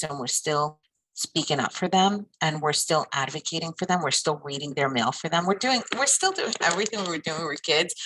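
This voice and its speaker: A woman guest in a candid interview, speaking with a low pitch and a bright, forward tone. She talks earnestly and personally. Her delivery stays heartfelt. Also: rough recording. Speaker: social worker guest.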